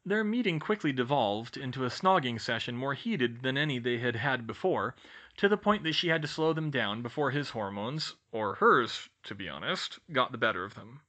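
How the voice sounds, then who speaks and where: A man reading a fan fiction audiobook aloud in steady storytelling narration. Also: normal speed. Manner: steady storytelling, lively pitch. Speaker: audiobook reader.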